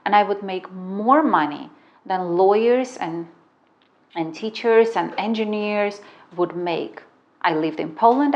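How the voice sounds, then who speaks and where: A woman's voice: lowish voice, muffled recording. A middle-aged woman, not a native English speaker, telling a dramatic personal story as a relationship coach and swearing freely. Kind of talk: storytelling talk.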